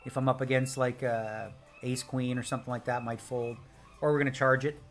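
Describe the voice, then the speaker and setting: A man's voice: mid-range voice, little pitch movement, fairly quick. A man live-streaming a poker session, chatting casually with viewers in a brash, joking way and answering their chat messages. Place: home streaming setup.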